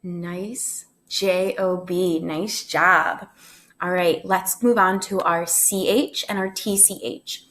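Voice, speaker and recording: A woman's voice: fairly low pitch, slow, fairly bright tone. A woman teacher giving a recorded phonics lesson to first graders, upbeat, chatty and encouraging.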